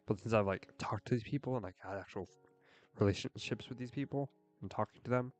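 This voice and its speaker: A young man with a fairly low voice chats casually while he plays, drifting from thought to thought in an earnest, rambling way. Faint game music sits quietly behind him. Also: brisk. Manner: earnest, rambling, with frequent "like" fillers. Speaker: streamer.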